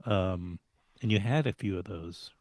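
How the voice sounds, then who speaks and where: A man interviewing a guest, phrasing his questions haltingly with many fillers and restarts. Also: deep voice, dry recording.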